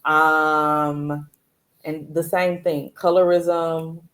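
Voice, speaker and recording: A woman, hosting a casual conversation and telling stories in a relaxed way. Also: low voice, extremely slow. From Louisiana, USA. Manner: relaxed storytelling, frequent "like" fillers. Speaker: host.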